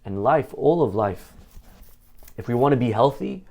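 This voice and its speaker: A man delivers a sermon as a rabbi, telling a story in a loose, conversational way and leaning on "you know" as he goes. His voice sits at an ordinary pitch, with a noticeable gravelly fry. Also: lively intonation, normal speed, mellow. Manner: heartfelt, conversational, many "you know" fillers.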